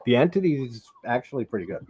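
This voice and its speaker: A man's voice: medium pitch, expressive, fast, a crowd in the background. A man hosting a casual live movie-watch chat, rambling with lots of "like" fillers and frequent laughter. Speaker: host. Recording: dull lo-fi stream audio.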